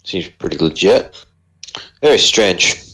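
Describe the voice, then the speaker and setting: A man playing a tabletop game over a video call, talking in a relaxed, halting way. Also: low-pitched, creaky, rough recording. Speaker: player.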